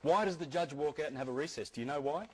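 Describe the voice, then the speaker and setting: A man's voice: a little high, fast talker, a little mellow, husky. A man giving a talk to an audience, earnest, repeating key phrases and restarting his sentences often. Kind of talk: lecture-style talk to an audience.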